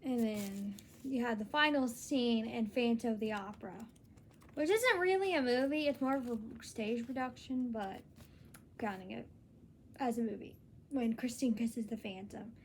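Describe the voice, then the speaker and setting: Young woman vlogging, kinda high voice, earnest and rambly, faint hiss behind her. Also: moderate pace. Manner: earnest, rambling, frequent restarts and fillers. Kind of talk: casual solo vlog.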